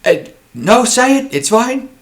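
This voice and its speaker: A man voicing a hearty, suspiciously nice pirate ship captain with loud, jovial barking. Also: sits high, moderate pace, voice pushed up, lightly acted.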